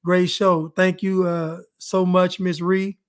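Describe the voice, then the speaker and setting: High-voiced joking podcast host man. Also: takes it slowly. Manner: animated, joking, repeats himself. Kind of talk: casual live-stream chat.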